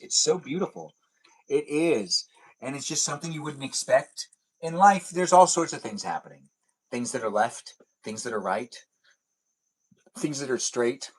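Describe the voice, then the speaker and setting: A man's voice: mid-range voice, fairly bright tone, husky. Playful man chatting on a live stream. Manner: playful, teasing, rambling. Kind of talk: casual live stream chat reading comments.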